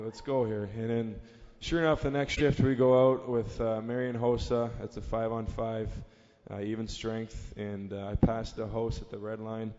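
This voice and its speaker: A man spins a lively anecdote from a panel stage, laughing as he goes and acting out the shouting. His mid-range voice rings through a long-reverb convention hall. A faint ambient murmur sits underneath. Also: medium pitch, a little hiss or hum. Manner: lively storyteller, laughs at own story, acts out yelling. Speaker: hockey team captain on a fan panel. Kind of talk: anecdotal storytelling at a fan panel.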